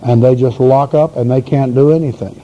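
Folksy preacher with a dark, mellow voice. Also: male voice, medium pitch, fairly even intonation, brisk. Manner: folksy, emphatic storytelling preaching. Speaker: pastor. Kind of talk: sermon. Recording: dull lo-fi recording with faint hiss.

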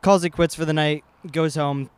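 A man's voice: fairly high pitch, steady tone, normal speed, clean tone. A young man telling a long joke outdoors into a handheld mic, loose and rambling. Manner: rambling, loose storytelling with many fillers. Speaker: student on a campus broadcast. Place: outdoors on a campus.

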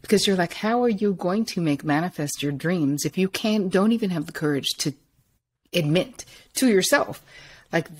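Low, husky woman podcast host. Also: normal speed. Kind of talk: interviewing.

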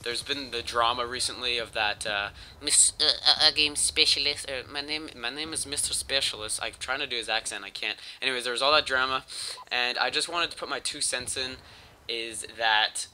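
A gaming channel host, sick with a cold, rambles and cracks crude jokes while talking over his gameplay footage. His medium-pitched voice moves at a normal speed and sounds pushed and bright. The home mic picks up a little hiss or hum.

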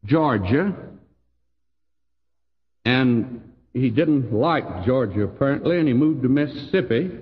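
An older man with a Texan accent preaching a sermon in a folksy, emphatic way, his voice swooping high on key phrases and dropping low. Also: in a large hall, lo-fi sound. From Texas. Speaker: pastor.

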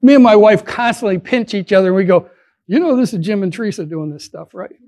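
Male pastor, middle-aged, high-pitched, earnest conversational sermon delivery with restarts. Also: a little mellow.

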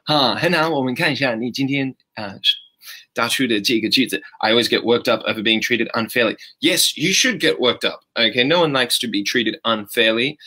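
This mid-range male voice has a sharp tone as he runs a live-streamed English class. Upbeat, he calls out viewers by name, compliments them, and corrects what they write, alternating between Mandarin and English.

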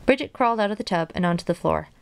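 A woman reading a children's storybook aloud in a plain, gentle way, dropping in casual asides. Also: on the low side, expressive, rapid-fire, gravelly, a little hiss or hum. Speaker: storybook reader.

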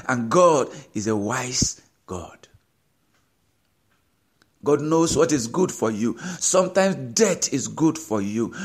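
A man preaching a sermon as a pastor, pressing his listeners with rhetorical questions and rising emphasis. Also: on the high side.

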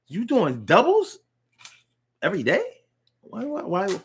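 A man hosting a call-in show, reacting to comments in a loose, slangy, animated way. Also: very high voice, slow pace, long pauses, husky. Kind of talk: casual live show chat reading comments.

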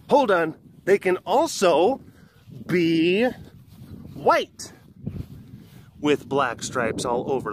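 Man, slightly high voice, animal keeper talking kids through questions, patient and simple, faint outdoor noise behind. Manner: simple, patient, addresses each child by name. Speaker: big cat sanctuary keeper answering children's questions. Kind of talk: explaining to preschoolers.

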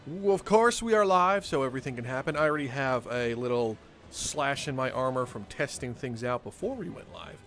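Young man, game streamer, upbeat and chatty, slightly high voice, faint room hiss. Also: fairly bright tone. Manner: upbeat, greets chat by name, laughs often. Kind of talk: live game stream chat. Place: home room with dogs nearby.

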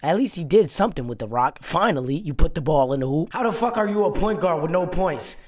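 A man's voice: fairly high pitch, lively intonation, fast talker, no room sound, clean studio sound. A young man doing hyped, profane gameplay commentary, roasting opponents as he plays. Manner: hyped trash-talking, profane, playful roasting. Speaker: gaming YouTuber. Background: background music.

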